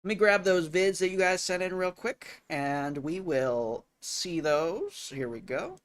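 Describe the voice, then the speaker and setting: A male streamer gives excitable reaction commentary full of exclamations and swearing. He talks at an unhurried, drawn-out pace with a slightly raised pitch. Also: clean tone. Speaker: streamer host.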